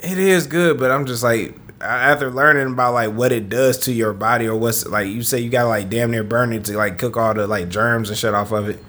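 A man's voice: mid-range voice, fairly even intonation, brisk, hardly any pauses, pushed and bright. A man telling stories in casual chat, swearing freely and acting out what people said. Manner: loose storytelling, swears freely, acts out quotes.

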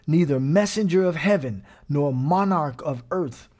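Fairly high-voiced guy doing a podcast sermon sitting down, emphatic, keeps repeating lines. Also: unhurried, darkish tone. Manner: emphatic, repeats phrases, chuckles often. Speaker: preacher. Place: seated indoors.

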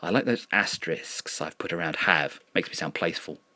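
A man reading a first-person horror story aloud in an uneasy, brooding, measured way. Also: deep voice, pushed and bright, dry recording.

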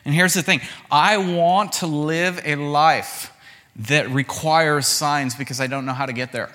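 Guy preaching, chatty storytelling sermon, bright tense voice, big hall echo. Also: medium pitch. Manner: conversational storytelling with lively voiced quotes. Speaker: pastor. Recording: long hall reverb.

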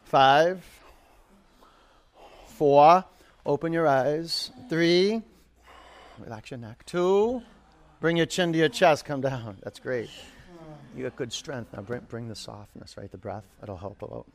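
A man's voice: mid-range voice, takes it slowly, pauses often. A man leading a live yoga class, calling poses, counting down holds and encouraging students. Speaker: yoga instructor.

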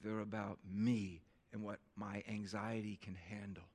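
A male pastor preaching a sermon, swinging from hushed tones to loud bursts and calling out for amens. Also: fairly low pitch, level tone, measured pace. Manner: calls for amens from the crowd.

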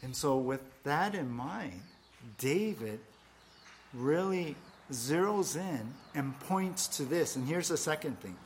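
A man's voice: on the high side, animated, slow pace, slight background noise. Conversational male pastor preaching. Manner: conversational, with playful asides and fillers. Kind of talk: sermon.

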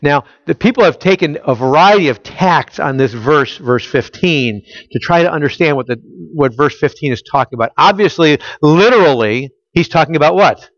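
A man's voice: fairly high pitch, lively intonation, normal speed, hardly any pauses, no echo, dull audio. Emphatic man preaching a sermon. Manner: conversational, emphatic, asks the congregation rhetorical questions. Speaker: pastor. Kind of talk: expository sermon.

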